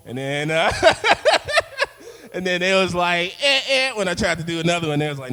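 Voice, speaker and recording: A young man on an open-mic stage works through a loose, rambling comedy set, his pitch swinging lively up and down as he keeps laughing at his own lines. His voice rings out with a long echo in the venue. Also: normal speed. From South Side of Chicago. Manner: loose, rambling delivery with frequent fillers and laughing at own jokes. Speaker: stand-up comic.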